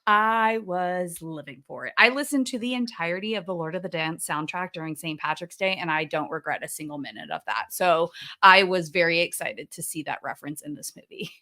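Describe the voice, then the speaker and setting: Bright, chatty young woman co-host. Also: on the low side, a little fast, hardly any pauses. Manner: chatty, laughs often, enthusiastic. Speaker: podcast co-host. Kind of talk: casual chat.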